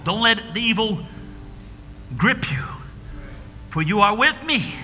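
A man preaching a sermon, swinging between hushed whispers and shouted declarations, recorded live in a church. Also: sits high, expressive, slow, pauses often, faint music behind. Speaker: pastor. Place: church sanctuary. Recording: live church stream with long hall reverb.

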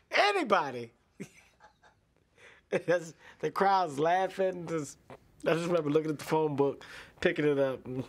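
A man with a slightly high voice and an unhurried pace. He tells an amused anecdote and throws himself into loud imitations. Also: expressive. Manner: amused, acts out quotes loudly. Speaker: comedian. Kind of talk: documentary interview.

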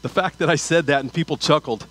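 A man's voice: fairly high pitch, fast, fairly bright tone, poor audio. A man preaching a sermon as pastor, telling a funny story with asides before turning to scripture.

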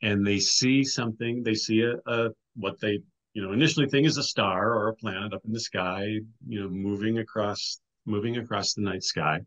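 Speaking at a moderate pace, this middle-aged man has a fairly low, fairly bright voice captured on a rough recording. He's an author and filmmaker on a podcast, casually telling a story while often restarting and saying "you know."

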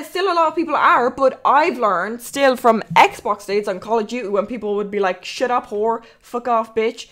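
Rambling, foul-mouthed young Irish woman. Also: on the high side. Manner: rambling, swears freely. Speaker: streamer. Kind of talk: casual stream chat.

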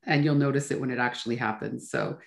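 A woman's voice: very deep voice, steady tone, quick pace, vocal fry, reverberant. A woman interviewing a podcast guest in a casual conversation, laughing easily as she asks questions.

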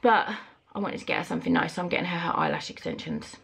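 A woman in a casual home vlog, talking frankly and easily, a little out of breath now and then. Her voice has a slightly gravelly, creaky texture at a middle pitch. There is a faint hiss behind her. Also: huge pitch swings, fast. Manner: casual, chatty and frank, with some swearing. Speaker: vlogger and mum. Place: family house indoors.

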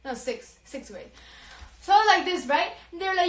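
A woman's voice: very high voice, animated, a little slow, fairly bright tone, roomy sound. A young woman telling a story on a phone livestream, swearing freely, laughing, mixing in Spanish, and short of breath. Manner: profane, laughing, code-switching into Spanish. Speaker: social media personality.

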